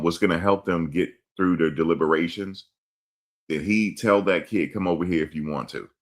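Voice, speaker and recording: A man's voice: very deep voice, fairly bright tone. A man hosting a casual commentary show, blunt and emphatic, repeating his points. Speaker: host.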